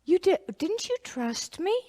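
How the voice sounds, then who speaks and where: A woman voicing a tired, calm grown man in a children's Bible story, speaking gently. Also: extremely high pitch, measured pace, voice pushed up, heavily acted. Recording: echoey hall.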